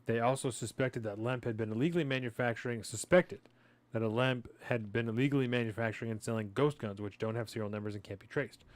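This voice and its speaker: A man's voice: medium pitch, quick pace, dry recording. A man co-hosting a podcast, making sardonic remarks and reading a news article aloud. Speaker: podcast co-host.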